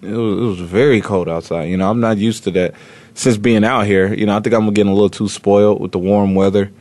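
A man's voice: fairly low pitch, fairly even intonation, fast talker, a little mellow, no echo. A man hosting a sports talk radio show, chatting casually and rambling with lots of fillers and restarts. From Indiana.

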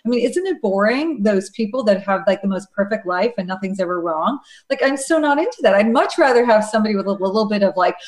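A woman's voice: mid-range voice, expressive, fast talker, hardly any pauses. A woman chatting in an earnest, candid way. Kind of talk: casual chat. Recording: echoey room.

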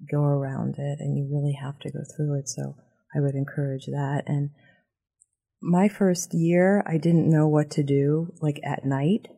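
Woman guest, gravelly low-key voice, earnest and even. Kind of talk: casual group talk.

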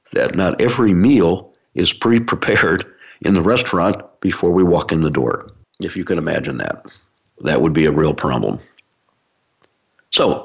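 A man's voice: rumbling low, creaky, husky. A man giving an explanatory talk to a business audience, using everyday analogies with frequent fillers. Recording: dull lo-fi recording.

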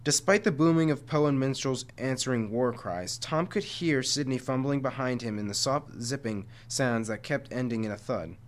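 A man's voice: medium pitch, normal speed, few pauses. Man reading a storybook aloud. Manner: frequent stumbles and self-corrections. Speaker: reader reading a chapter book aloud to listeners.

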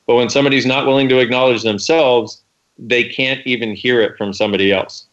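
A man's voice: mid-range voice, steady tone, brisk, a bit bright, highs cut off. A man co-hosting a call-in talk show, telling stories and acting out quoted lines. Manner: storytelling, acts out quotes. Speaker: co-host.

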